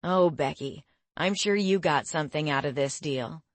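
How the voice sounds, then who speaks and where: Easygoing teen boy, jovial and teasing, a bit low-pitched, read by a woman narrator. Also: moderate pace, dry recording, natural voice. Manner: relaxed, teasing.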